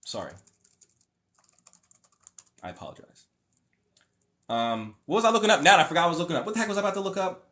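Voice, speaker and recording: With a high, fairly bright voice, this young adult livestream host is very animated and fast yet pauses often. He reads viewer comments aloud and reacts in rambling, opinionated bursts packed with fillers and restarts, using mocking voices to paraphrase others.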